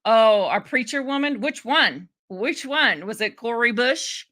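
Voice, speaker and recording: A woman's voice: on the high side, a little slow. A young woman from Ohio giving chatty, laughing live commentary on a hearing. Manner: chatty, laughing, animated asides. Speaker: political commentary streamer.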